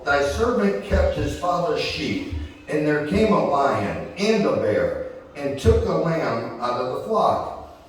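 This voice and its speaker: A male preacher with a fairly high voice reads scripture and then retells it in loose, everyday speech, voicing the characters as he goes. He sounds distant from the mic, with a heavy church-hall echo ringing around him and a faint room hum underneath. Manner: retells scripture in casual paraphrase, acting out the characters. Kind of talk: sermon with scripture reading. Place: church sanctuary.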